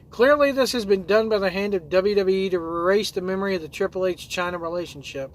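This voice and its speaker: A man's voice: high-pitched, fast, few pauses. A man who drives trucks and hosts his own videos, reading viewer comments aloud in a loose, rambling way with lots of fillers and restarts.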